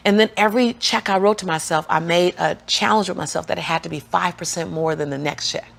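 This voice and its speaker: A woman giving an interview, telling a motivational story. She is animated and laughs often, acts out the people she quotes, and builds her message through repetition like a preacher. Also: lowish voice, fast talker, vocal fry. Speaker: interview guest.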